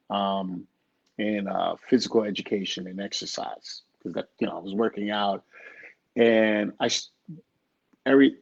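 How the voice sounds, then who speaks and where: A middle-aged man, a guest in an interview, telling a personal story in an animated way and acting out the dialogue. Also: fairly low pitch, creaky. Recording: dull lo-fi recording.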